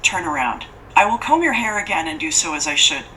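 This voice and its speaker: A woman's voice: sits low, sing-song, brisk, pushed and bright, far from the mic, a little hiss or hum, heavily acted, low-quality recording. A woman voicing an aloof female monster who is fattening up a child, speaking in a cool, formal, condescending way.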